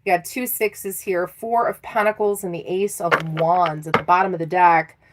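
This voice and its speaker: A woman's voice: lowish voice, fairly even intonation, moderate pace, heavy background noise. A middle-aged woman giving a live tarot reading in a chatty, self-teasing way, laughing often. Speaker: tarot reader.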